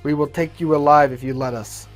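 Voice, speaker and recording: A man's voice: fairly high pitch, steady tone, fairly quick, faint music behind, natural voice. A man voicing a menacing male cyborg soldier with a strong put-on Russian accent, taunting his enemies.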